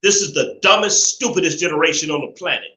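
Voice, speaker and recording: Man ranting preachily, bright and echoey. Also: on the high side, fast talker. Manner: preachy, repetitive, emphatic, swears freely. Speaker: live show host. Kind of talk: ranting live-stream monologue. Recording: roomy echo.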